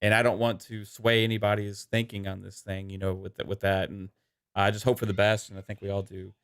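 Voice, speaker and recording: A man hosting a casual podcast, talking in a relaxed, rambling way with many fillers. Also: fairly low pitch, brisk, smooth, no room sound, clean studio sound. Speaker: podcast host.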